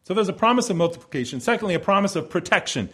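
A man preaching in an earnest, expository manner. His voice sits a little on the high side, and he swings from emphatic rises to hushed, gentle drops as he explains the text. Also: expressive, very fast, breathy edge. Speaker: pastor. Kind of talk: sermon.

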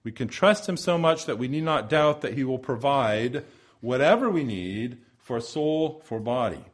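Man preaching a measured, rhetorical sermon. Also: medium pitch, animated. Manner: measured, rhetorical, with repeated phrases and swells of emphasis.

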